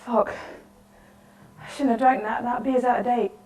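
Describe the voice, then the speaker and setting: At normal speed and with fairly even intonation, a woman with a slightly mellow, natural voice on the high side plays a lonely, chatty woman at the end of the world. It's a solo interactive theatre monologue, rambling, apologetic and nervously cheerful, recorded from far off in an echoey room.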